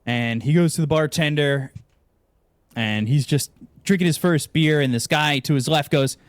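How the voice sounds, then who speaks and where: Man, casual stream banter, animated joke-telling, higher pitch, dry sound. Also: normal speed, no echo. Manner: animated, acts out joke characters with pitch jumps. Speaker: esports co-caster.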